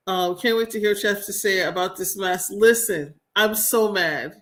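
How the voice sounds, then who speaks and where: A woman's voice: medium pitch, normal speed. A young woman hosting a casual live-stream commentary show, chatty and exasperated, with slangy asides to her viewers.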